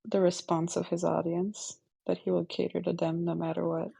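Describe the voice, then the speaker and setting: A woman speaks in a hesitant way, searching for her words in casual chat. Her voice is husky and mellow with a gravelly creak. The sound is dry and close. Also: lowish voice, level tone, moderate pace, dry recording. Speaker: co-host.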